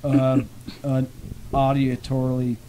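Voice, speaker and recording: A man's voice: medium pitch, completely flat delivery, slow, mellow, slight background noise, poor audio. A young man in a casual group chat, hesitant and searching for his words.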